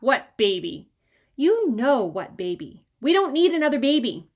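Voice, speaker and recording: A woman voicing a fed-up older brother in a storybook reading, yelling and indignant. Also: fairly high pitch, expressive, normal speed, highs cut off. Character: angry, fed-up older boy.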